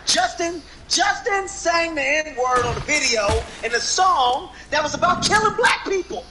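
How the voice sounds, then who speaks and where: Brief: man impersonating a yelling, foul-mouthed roast comic, very high and bouncy, buried in heavy noise. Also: lively intonation, unhurried. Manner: brash, shouting, profane roast delivery. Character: impression of a loud male celebrity comedian roasting. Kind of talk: stand-up roast impression. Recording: loud background noise.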